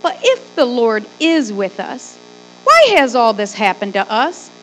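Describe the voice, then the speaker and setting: A woman's voice: on the high side, wildly swooping pitch, a little slow, a bit bright, faint music behind, pitched below the performer's own voice, exaggerated voice. A woman voicing a timid, fearful young man with a nerdy, whiny, pleading voice.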